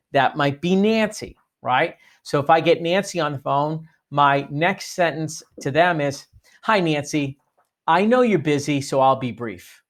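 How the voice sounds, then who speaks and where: A man giving a sales training talk, coaching listeners and acting out sample phone greetings. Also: fairly high pitch. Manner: coaching, demonstrates phone lines.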